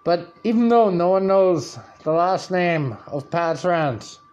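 A man hosting a podcast, telling a story in a loud, profane, animated rant and acting out what people said. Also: high voice, slow pace, muffled recording, a little hiss or hum. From Canada. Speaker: podcast host.

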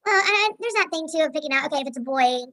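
A woman's voice: sits high, expressive, very fast, sharp tone. A woman co-hosting a casual podcast, giggly, retelling scenes with quoted lines. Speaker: podcast co-host. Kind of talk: casual chat recapping a sitcom episode.

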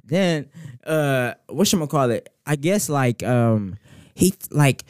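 A man telling a story in casual chat, animated and laughing, acting out the other people's voices. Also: mid-range voice, slow, smooth, no echo, studio quality.

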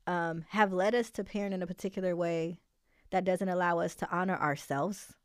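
A woman hosting a casual interview, speaking reflectively with frequent pauses and ums. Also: on the low side, fairly even intonation, clear, resonant tone, no room sound, studio quality. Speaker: podcast host.

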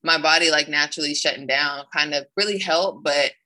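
Young woman athlete guest, bright voice, rambling chatty retelling. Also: low-pitched, fairly quick, poor audio. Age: young adult. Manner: rambling, full of "like" and restarts, acts out quoted dialogue. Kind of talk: casual interview storytelling.

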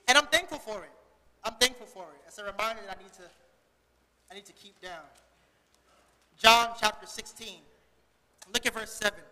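A young man preaches to his congregation at a quick, excitable clip. His voice sits unusually high and sounds sharp and bright. The sound carries a long church-hall reverb. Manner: fast, excitable delivery. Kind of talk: sermon. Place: church sanctuary.

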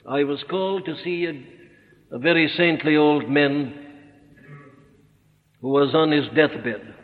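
A man preaching an expository sermon, earnest and emphatic, slowing down to stress his points. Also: a little high. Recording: echoey hall on a tinny narrow-band recording.

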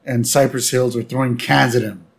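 A man's voice: medium pitch, steady tone, normal speed, creaky. A man co-hosting a podcast, casually narrating plot beats of a cartoon episode. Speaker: podcast co-host.

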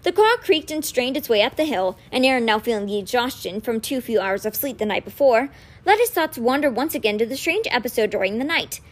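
A woman reading a children's novel aloud with expressive storytelling. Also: on the high side, a little fast. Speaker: reader.

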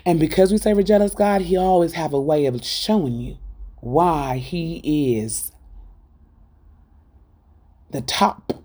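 A woman with a deep, mellow voice preaches an informal Christian sermon slowly, leaving long pauses. Her style is fervent and rhythmic, repeating lines for emphasis and aiming rhetorical questions straight at her listeners.

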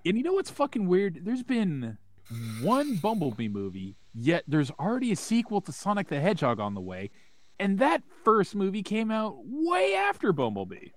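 A man's voice: high-pitched, wildly swooping pitch, moderate pace. A man in casual chat, cracking crude, sarcastic jokes.

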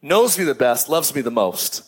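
A middle-aged man, a lead pastor, preaching a sermon in a lively, conversational way with repeated phrases. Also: medium pitch, moderate pace, breathy edge.

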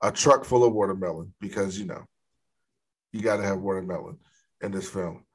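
A man's voice: deep voice, brisk, breathy edge. A man co-hosting a podcast, casually recapping a film scene by scene with frequent laughter and swearing. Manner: laughing, profane storytelling. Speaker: podcast co-host. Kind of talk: casual movie recap chat.

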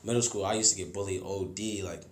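A young man telling a story in casual, slangy chat. He acts out the people in his story by jumping into a much higher, louder voice. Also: steady tone, fast talker, roomy sound, slight background noise. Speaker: podcast guest telling a story.

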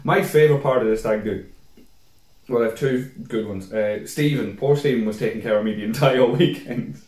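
A man's voice: moderate pace, reverberant. A young man co-hosting a podcast, telling drunken stories in casual chat, swearing a lot and mimicking people. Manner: animated storyteller, swears a lot, mimics people in high voices. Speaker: podcast co-host.

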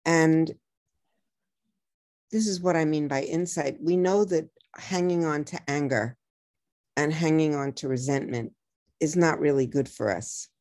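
Low mellow woman guiding gently. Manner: reflective, repeats key phrases slowly like a mantra. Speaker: psychotherapist and author, guest. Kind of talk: podcast interview, advice.

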